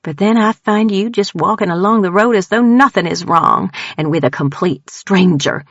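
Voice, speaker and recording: A woman voicing a sharp, scolding older mother who fires off exasperated questions. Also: mid-range voice, moderate pace, dry recording, muffled recording, lightly acted.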